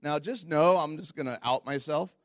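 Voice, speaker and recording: A man preaching a sermon as pastor, telling stories in a candid, self-mocking way and jumping into high squeaky voices when quoting people. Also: normal speed, no echo, clean studio sound. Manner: animated storytelling, jumps into high squeaky voices for quotes.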